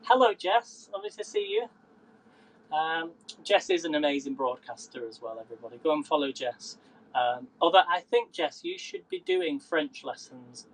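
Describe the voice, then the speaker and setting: A man's voice: on the high side, sing-song, moderate pace, low-quality recording. A man chatting casually to viewers during a live cooking stream, often laughing and greeting people by name. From England. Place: home kitchen.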